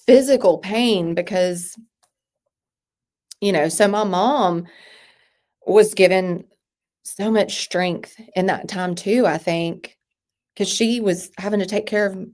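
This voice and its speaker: A woman in her thirties, a podcast guest, speaking in an emotional personal interview with halting phrases that restart and trail off. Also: mid-range voice, a little mellow.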